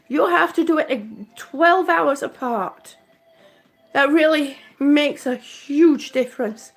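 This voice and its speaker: A woman chatting casually on a live-stream vlog from her home, thanking viewers by name. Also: high-pitched. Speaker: vlogger. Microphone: phone or camera held by hand.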